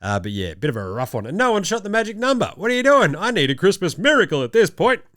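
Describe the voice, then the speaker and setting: Australian host, young, jokey and chatty, higher voice, dry sound. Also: male voice, very animated, fast talker, a bit bright, dry recording. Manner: jokey, rattling off stats. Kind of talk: casual chat.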